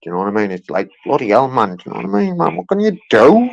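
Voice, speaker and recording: A man's voice: a little high, sing-song, fast, gravelly, few pauses, no echo, poor audio. A man making a heated phone complaint, insistent and repetitive, filling his talk with "you know what I mean". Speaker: caller.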